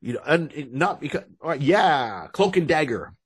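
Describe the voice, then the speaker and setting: A man co-hosting a podcast, telling stories in an animated, joking way with frequent restarts. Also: fairly high pitch, normal speed. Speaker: podcast co-host. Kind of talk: casual podcast chat.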